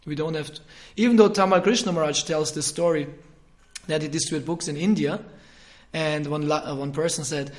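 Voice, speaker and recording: A man giving an informal scripture lecture, talking conversationally, chuckling often, pausing to correct himself, and moving between quiet asides and emphatic bursts. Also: a little high. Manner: frequent hesitations and self-corrections.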